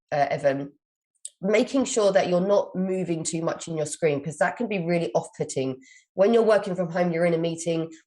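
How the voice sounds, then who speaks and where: A British woman with a low-pitched voice hosts a live advice session as a communication coach. She reads listeners' questions aloud and answers each with long, encouraging explanations. She sounds like a young adult, talking on a webcam-style stream. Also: mellow.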